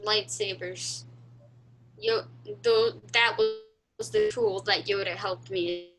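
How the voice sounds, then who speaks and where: A woman's voice: medium pitch, steady tone, takes it slowly, a bit bright, faint music behind, rough recording. A young teen girl improvising a comedy scene on a video call, firing back with defiant, mock-grand retorts. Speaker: improv camp performer.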